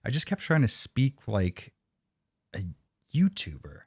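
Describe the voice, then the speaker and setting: A man's voice: medium pitch, huge pitch swings, unhurried, slightly rough, dry recording, clean studio sound. A man streaming a retro video game live, chatting casually with profane, sarcastic banter. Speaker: streamer playing a retro game and reading chat.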